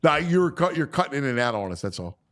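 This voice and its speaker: A man hosting a casual sports talk show, loud and jokey in his banter with guests. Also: medium pitch, sing-song, quick pace. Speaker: show host.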